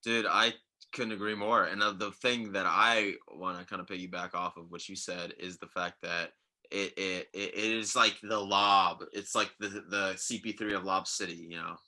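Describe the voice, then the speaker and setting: A man hosting a podcast in casual chat, joking crudely and breaking into loud shouted bursts. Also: low-pitched, fairly even intonation, normal speed. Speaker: podcast host.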